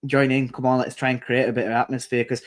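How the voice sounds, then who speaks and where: Co-host, casual and anecdotal, medium-pitched voice. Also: male voice, flat delivery, quick pace. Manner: rambling, anecdotal. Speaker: watchalong co-host. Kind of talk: casual football chat.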